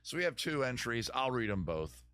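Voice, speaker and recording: Speaking from his home in a city, this comedy advice show host has a medium, sing-song voice that's bright and forceful at a moderate pace. Tired from weekend gigs, he wanders off topic in casual, self-deprecating chat and sometimes adopts a fake Southern lawyer voice.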